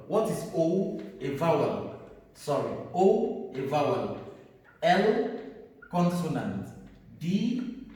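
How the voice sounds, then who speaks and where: Male teacher going over grammar real slow, says stuff twice, kinda high mellow voice, echoey classroom far from the mic. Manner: slow, repeats key words, stresses letters. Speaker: English teacher.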